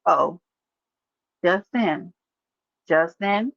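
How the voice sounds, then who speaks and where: A woman's voice: fairly low pitch, very slow, creaky, fairly bright tone, dry recording, highs cut off. A woman hosting a casual livestream, chatting and teasing as she answers viewers by name. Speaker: livestream host. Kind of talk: casual live-stream chat.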